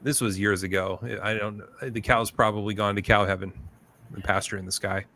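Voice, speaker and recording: A man's voice: on the low side, flat delivery, fairly quick, bright, forceful tone, a little hiss or hum. A man hosting a livestream in casual chat, telling easygoing stories and acting out quotes. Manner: easygoing storyteller, acts out quotes. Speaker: livestream host.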